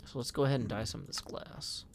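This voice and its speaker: A man's voice: mid-range voice, fast talker, vocal fry, very noisy. Chatty man streaming live. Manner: chatty, scattered, reads chat aloud with mock indignation. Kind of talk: casual live-stream chat while playing a game.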